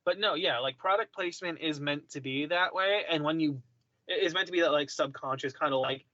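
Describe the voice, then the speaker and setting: A man's voice: on the high side, brisk, sharp tone, no room sound, muffled recording. A man co-hosting a casual podcast, rambling through his points with lots of fillers and the odd swear. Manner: rambling, filler-heavy, irreverent. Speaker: podcast co-host. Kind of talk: casual chat.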